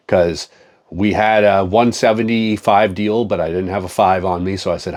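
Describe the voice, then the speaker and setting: A man's voice: on the low side, a little fast, a little mellow. A man in a profane, joking, rambling casual chat, talking as a comic collector.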